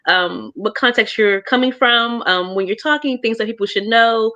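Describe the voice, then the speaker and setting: Bright-voiced woman co-hosting a livestream. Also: fairly high pitch, moderate pace, lo-fi sound. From Pennsylvania. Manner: welcoming, chatty with fillers. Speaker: co-host.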